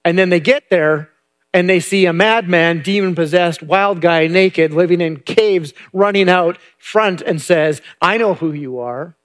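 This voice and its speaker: A man with a high voice preaches in a loose, conversational way. He retells a story and often repeats a word or two as he finds his next thought. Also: steady tone, a little slow. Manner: conversational, repeats words while thinking. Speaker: pastor. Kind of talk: sermon retelling a Bible story.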